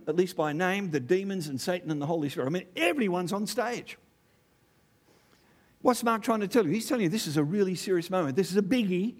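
A middle-aged man with an Australian accent preaching a sermon, animated and conversational, firing rhetorical questions and asides at the congregation. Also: sits high.

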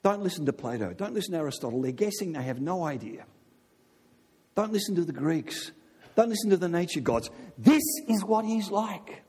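A man preaching a sermon in an animated way, often asking his listeners "right?". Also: sits high, normal speed, breathy edge. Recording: long reverb of a large hall.

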